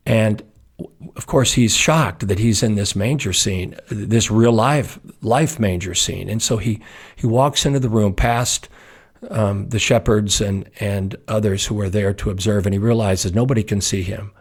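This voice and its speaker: Man, pastor, husky voice, gravel in the tone, earnest devotional podcast talk, unhurried, restarts often. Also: lowish voice.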